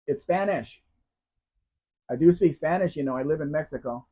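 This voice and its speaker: A man's voice: fairly high pitch, moderate pace, warm tone. An American man hosting a casual live Q&A, chatting and reading viewer comments aloud. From United States. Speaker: live stream host. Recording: dull lo-fi sound.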